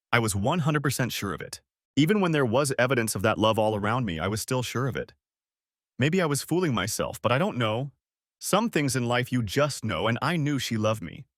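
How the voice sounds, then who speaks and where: A man reads a first-person story aloud in a measured narrator's voice. His pitch moves a lot, and the close recording has almost no room sound. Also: a bit bright, no echo.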